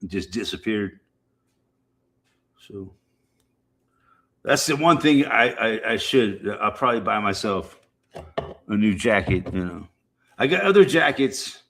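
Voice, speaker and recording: A man's voice: on the low side, a bit bright. Rambling, profane man on a livestream. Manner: rambling, profane, repeats himself. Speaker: livestream host. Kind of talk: casual rambling chat to viewers.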